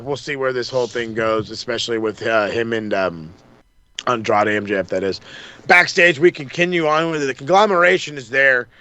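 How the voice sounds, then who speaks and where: A man's voice: mid-range voice, no room sound. Brash sweary man recapping wrestling. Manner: animated, swears a lot, acts out wrestlers' lines. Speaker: podcast co-host. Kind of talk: casual profane wrestling recap.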